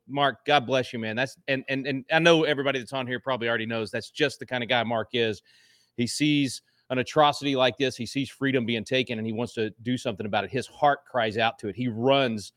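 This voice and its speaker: A man's voice: mid-range voice, a bit bright, no echo, studio quality. A middle-aged man appearing as a guest, speaking with fervent anger and frequent restarts. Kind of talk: impassioned talk show commentary.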